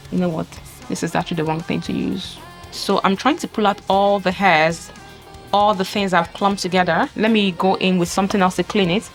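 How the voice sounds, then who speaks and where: A woman talking casually through a makeup tutorial as she works, chatty and often apologizing along the way. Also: fairly low pitch. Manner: chatty, apologetic, talks while working. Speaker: beauty vlogger. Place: home, filming herself at a mirror.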